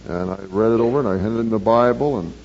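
A man, a church counselor, telling the story of a counseling session in a measured, earnest way. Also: lowish voice, a little mellow. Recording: dull lo-fi recording with faint hiss.

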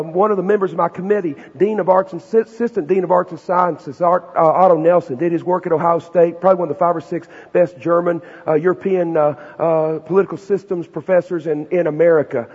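A middle-aged man preaching a sermon, a folksy, emphatic storyteller who builds to loud punchlines. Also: a little high, fairly even intonation, a little fast, hardly any pauses, slightly rough. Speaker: preacher and Bible professor. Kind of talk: sermon with personal stories. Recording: dull recording with long hall reverb.

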